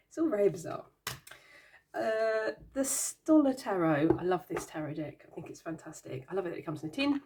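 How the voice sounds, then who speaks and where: A woman's voice: medium pitch, very animated, normal speed, a little mellow, a little hiss or hum. A woman hosting her own channel, chatting casually as she shows things, giggling and sounding amused and baffled. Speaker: tarot channel host. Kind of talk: casual show-and-tell chat.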